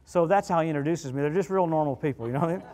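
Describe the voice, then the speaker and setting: A male guest preacher with a fairly high voice tells stories from the pulpit. He is animated and chatty, throwing quick asides to the congregation. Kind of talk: storytelling sermon. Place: church service.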